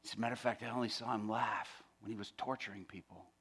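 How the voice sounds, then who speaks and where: A man preaching a testimony as dramatic storytelling, often dropping to a hush for emphasis. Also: on the low side, steady tone, fast, slightly rough.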